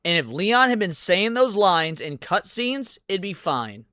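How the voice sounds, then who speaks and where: A man's voice: high voice, big pitch swings, measured pace, bright, forceful tone, a little hiss or hum. A man ranting in a heated, profane, sarcastic way, hosting commentary over game clips. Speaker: commentary host.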